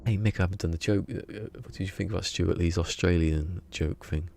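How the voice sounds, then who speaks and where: A man's voice: low-pitched, fairly even intonation, a little fast, gravelly, darkish tone, a little hiss or hum. A man chatting casually to his viewers while streaming a game, rambling and half-muttering his asides. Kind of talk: casual gameplay stream chat.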